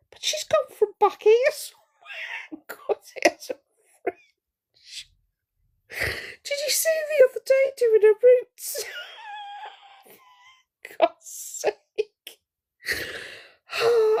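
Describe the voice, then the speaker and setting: A woman's voice: very high-pitched, darkish tone. A woman hosting a casual live stream, chatting to viewers in a gossipy, teasing way.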